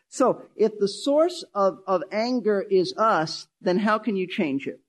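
A man's voice: high voice, lively intonation, measured pace. A pastor preaching a sermon, emphatic, repeating key phrases and shifting his pace.

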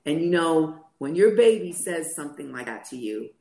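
With a low, sing-song, creaky voice and a warm tone at normal speed, a middle-aged co-host of a faith talk show tells a personal testimony in casual conversation. She acts out the quoted dialogue, and the room adds a noticeable echo.

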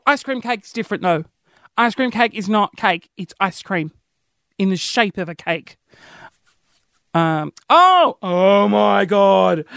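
A woman's voice: on the low side, clear, resonant tone, no echo. Bubbly rambling woman podcaster, dry sound. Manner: rambling, giggly, bubbly tangents. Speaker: podcast host. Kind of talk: casual solo podcast chat.

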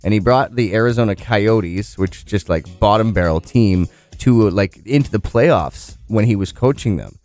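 A man's voice: fairly low pitch, moderate pace, few pauses. A man co-hosting a morning radio show in casual, chatty banter full of fillers. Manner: chatty, animated, lots of fillers.

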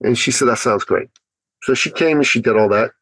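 A man telling a personal story as a guest on an interview podcast, acting out his own thoughts with animated pitch. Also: fairly quick, husky, no room sound, poor audio. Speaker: podcast guest, business speaker.

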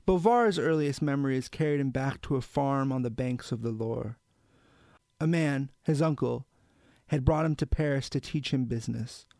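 Gravelly male audiobook narrator. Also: medium pitch, normal speed, mellow, dry recording. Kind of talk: scripted narration of a novel.

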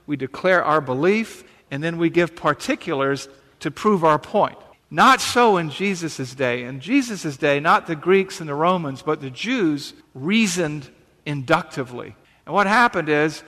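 A pastor giving a sermon, reading scripture and then explaining it in a conversational, emphatic way with repetitions. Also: male voice, on the high side, fairly bright tone, in a large hall.

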